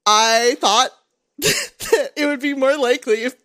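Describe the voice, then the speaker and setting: A woman's voice: high-pitched, measured pace, sharp tone. A woman co-hosting a casual podcast, telling stories with lots of laughter and swearing. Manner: giggly storyteller, swears. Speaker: podcast co-host. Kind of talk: casual chat.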